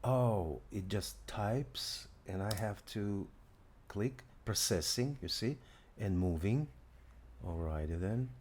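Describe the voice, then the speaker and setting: A man hosting a casual software demo, excited and thinking aloud as he tries things out. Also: fairly low pitch, slow pace, a little hiss or hum. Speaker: host.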